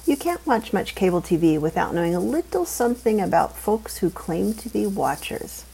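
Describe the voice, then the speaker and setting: A woman reading a first-person novel aloud in a wry, deadpan, humorous way. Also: medium pitch, moderate pace, gravelly, husky, low-quality recording. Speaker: audiobook narrator. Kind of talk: first-person scripted narration.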